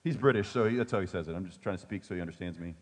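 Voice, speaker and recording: A man's voice: low voice, rapid-fire. A male pastor preaching a sermon in a conversational way, with joking asides to his congregation.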